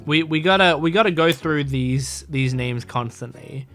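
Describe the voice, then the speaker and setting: A man's voice: a little high, normal speed, fairly bright tone, faint music behind. A man casually playing a mystery game, reading its text aloud and rambling through side stories. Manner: rambling, full of fillers and restarts.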